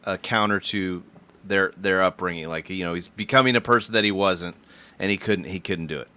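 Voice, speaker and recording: A man with a lowish voice that comes across bright and crisp, leading a relaxed movie chat. He works through notes he wrote beforehand, easygoing and conversational. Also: a little fast. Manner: reads out his own notes, easygoing. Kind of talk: casual movie discussion.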